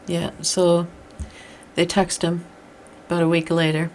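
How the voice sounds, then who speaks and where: A woman's voice: fairly low pitch, little pitch movement, measured pace, a little mellow, a little hiss or hum. A middle-aged woman ranting bluntly and indignantly in a monologue to camera. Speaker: vlogger.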